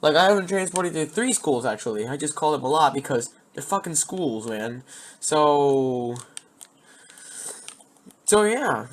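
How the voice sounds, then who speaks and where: Against slight background noise, a man with a fairly high voice rambles through personal stories in a casual way. He swears often and keeps losing his train of thought.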